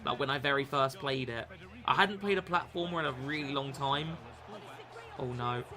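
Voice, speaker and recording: A young British man streaming a football game, swearing, self-mocking and excitable. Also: mid-range voice, moderate pace, crowd noise. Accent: British English. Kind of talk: gaming live stream commentary.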